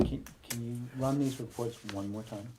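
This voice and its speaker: A man's voice: medium pitch, fairly even intonation, moderate pace, noisy background. A man on a school board asking questions and making requests, often restarting his phrases. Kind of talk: meeting questions. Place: school board meeting room.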